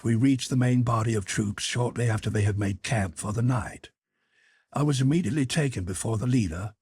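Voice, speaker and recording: A man reading a classic novel aloud in measured, even audiobook narration. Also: on the low side, breathy edge, dry recording, studio quality.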